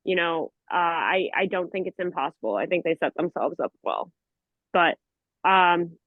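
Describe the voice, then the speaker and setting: A woman breaks down a football match with knowledge and enthusiasm in an even, considered manner. She joins over a remote call, so the audio is thin and tinny, with a dry sound. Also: fairly low pitch, dry recording. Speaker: podcast co-host. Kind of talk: casual sports analysis.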